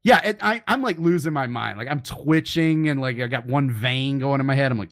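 A middle-aged man telling a comic story in an animated, exasperated way, swearing freely. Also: medium pitch, a little fast. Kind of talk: comedic storytelling.

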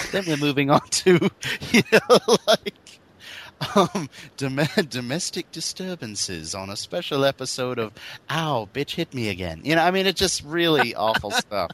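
A man's voice: mid-range voice, very animated, measured pace, fairly bright tone. A man hosting a podcast in casual comedic chat, sarcastic and laughing often as he riffs. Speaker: podcast host.

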